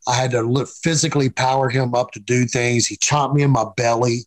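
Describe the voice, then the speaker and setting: A man's voice: medium pitch, fairly even intonation, brisk, a crowd in the background, low-quality recording. A man in his fifties, a guest in a casual interview, telling stories bluntly with profanity and acting out quoted dialogue. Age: 50s. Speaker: guest, former pro wrestler.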